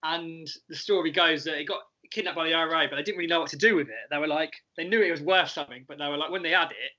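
A man's voice: on the high side, racing, bright, forceful tone. A man, co-hosting a casual football podcast, rambling and wry. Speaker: podcast co-host. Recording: dull lo-fi recording.

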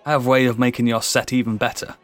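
A man's voice: medium pitch, level tone, fast talker, a bit bright, soft background music. A man playing his character in a tabletop game, dry and sarcastic in his banter. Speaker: player.

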